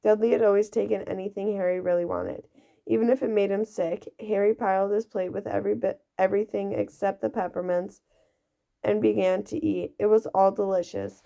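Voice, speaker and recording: A woman's voice: mid-range voice, little pitch movement, moderate pace, creaky, dark tone. A woman doing an amateur audiobook reading, often slipping and restarting, on a dull lo-fi recording. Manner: reads with frequent slips and restarts. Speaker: reader.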